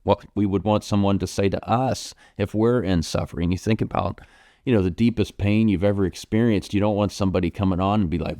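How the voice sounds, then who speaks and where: Low-voiced pastor answering questions gently. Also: male voice, brisk, no room sound, studio quality. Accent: American. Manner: gentle, reflective, with frequent ums and restarts. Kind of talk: pastoral Q&A talk.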